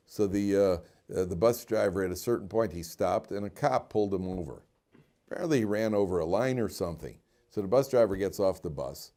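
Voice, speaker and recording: A man's voice: low-pitched, mellow. A man giving an informal Torah class to yeshiva students, telling stories, asking rhetorical questions and translating Hebrew terms as he goes. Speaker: rabbi teaching yeshiva students.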